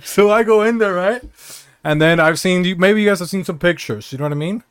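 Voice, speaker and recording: A man with a high-pitched voice rambles through stories in loose, profane podcast banter and laughs often. The sound is dry and close. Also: brisk, clean tone, no echo. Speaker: podcast co-host. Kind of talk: casual banter.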